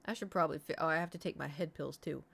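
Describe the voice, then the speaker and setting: A young adult woman chats casually on a home stream, her voice sitting a little low. She rambles from one thought to the next and swears freely as she tells her stories. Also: fast, creaky, fairly bright tone, breathy edge. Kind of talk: casual chat. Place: home room.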